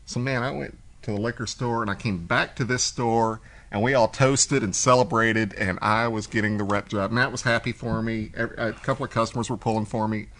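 Low-voiced man telling a story. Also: a little fast. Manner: animated storyteller, acts out quoted voices. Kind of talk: casual storytelling chat. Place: cigar shop.

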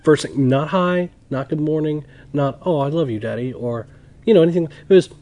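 A man's voice: a little high, a little fast, warm tone. A man with a young daughter, co-hosting a casual chat with dry, teasing banter. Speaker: podcast co-host.

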